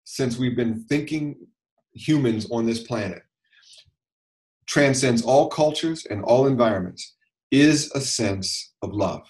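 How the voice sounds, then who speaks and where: A male physician speaks as a podcast guest, measured and thoughtful. He reflects slowly and carefully as he talks. His pitch is ordinary for a man. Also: a little mellow, low-quality recording. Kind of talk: reflective interview talk.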